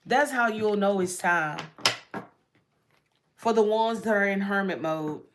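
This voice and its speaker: A woman's voice: medium pitch, a little slow, background noise. A woman giving a casual tarot reading, chatty and repetitive, often breaking into laughs. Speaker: tarot reader.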